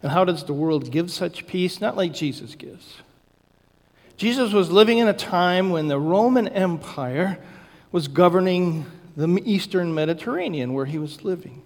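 A man preaching a sermon as pastor, slow and deliberate with emphatic stresses. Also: high-pitched, darkish tone. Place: church sanctuary. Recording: church hall reverb.

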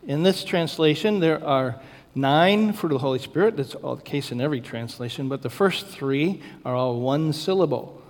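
A man preaching a sermon as pastor, slow and deliberate with emphatic stresses. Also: medium pitch, darkish tone. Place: church sanctuary. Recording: church hall reverb.

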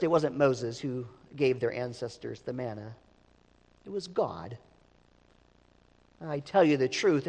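A man preaches to his congregation with an emphatic, explanatory delivery. His voice sits a little high for a man and often repeats a word as he restarts a phrase. The sound carries a long, lingering reverb from a large church hall. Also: a little mellow. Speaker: pastor. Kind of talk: sermon.

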